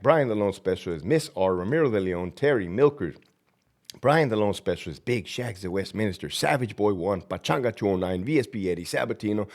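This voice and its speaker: A man who is a former prison lieutenant hosting a vlog, ranting and rambling with profanity between long runs of viewer shout-outs. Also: on the low side.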